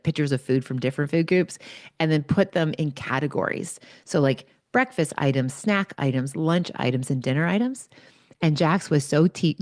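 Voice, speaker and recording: A woman's voice: deep voice, a little mellow, dry recording, clean studio sound. A middle-aged woman hosting a podcast, giving casual, chatty advice and anecdotes. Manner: chatty and anecdotal, with fillers like "like" and "right?". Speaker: podcast host.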